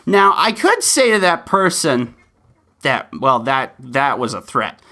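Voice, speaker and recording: A man's voice: mid-range voice, big pitch swings, slow pace, sharp tone. A man hosting his own podcast talks alone to his listeners. He speaks earnestly and often pleads with them. His talk is loose and full of ums and uhs. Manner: earnest and pleading, with frequent fillers. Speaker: podcast host. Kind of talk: solo podcast monologue.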